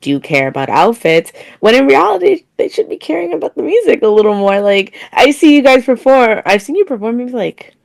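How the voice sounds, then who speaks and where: A woman's voice: a little high, very animated, a little fast, vocal fry, few pauses. A woman co-hosting a casual podcast, chatting supportively with a friend and telling anecdotes. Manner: supportive, chatty, many "like" fillers. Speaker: podcast co-host.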